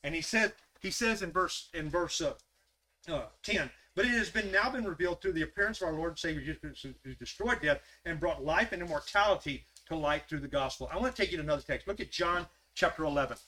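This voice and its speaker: A man preaching a casual, earnest sermon. He rises in his voice when he stresses a point and drops to a soft, close tone when he asks questions. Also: fairly high pitch, fast, rough recording. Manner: earnest, repetitive, rises when emphatic, softens to a near hush when asking questions. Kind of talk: conversational sermon.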